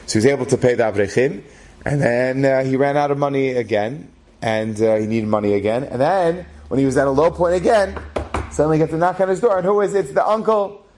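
A man's voice: quick pace, a little hiss or hum. A man telling a religious story aloud, acting out what the people in it say and lifting his voice at the tense turns. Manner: animated, rises in pitch at dramatic moments; acts out characters' lines in his own voice.

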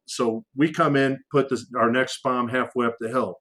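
His pitch is medium and his intonation fairly even, with a moderate pace, few pauses and a slightly bright tone, though the recording is rough. The man, a former fighter pilot guest, casually tells a story full of fillers and restarts, shouting out radio calls as he goes.

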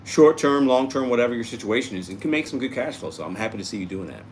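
A man's voice: medium pitch, lively intonation, fast talker, a little hiss or hum. A man hosting a casual livestream, reading out and answering viewer comments in an upbeat, chatty way. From Puerto Rico. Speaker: livestream host reading chat.

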